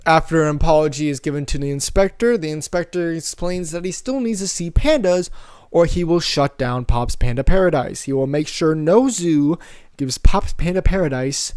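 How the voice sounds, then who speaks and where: Lively man with a smooth voice. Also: on the high side, moderate pace, no echo, clean studio sound. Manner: animated storyteller, rhetorical questions, dramatic build-ups. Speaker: YouTube commentator. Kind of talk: playful retelling of an old puppet show.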